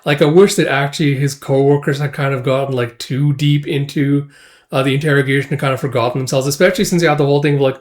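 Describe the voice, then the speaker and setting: A man's voice: mid-range voice, fairly even intonation, fast talker. A man giving a casual, rambling review of a manga chapter, full of filler words and loose run-on thoughts. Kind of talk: casual recap and commentary.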